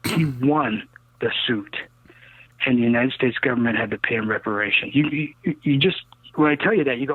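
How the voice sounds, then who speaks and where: A man's voice: mid-range voice, brisk, breathy edge, no echo. A man in his sixties, a rocket builder interviewed as a guest, telling rambling stories in an emphatic, cynical way, leaning on "okay?" and "you know" between thoughts. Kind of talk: casual rambling storytelling interview. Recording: dry tinny phone line.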